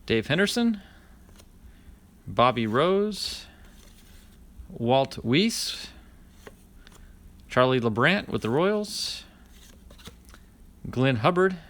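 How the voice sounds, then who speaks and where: A man's voice: medium pitch, fairly bright tone. Man, casual card-opening commentary, chatty, reads names in a running list, talks to viewers. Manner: talks to live viewers by name.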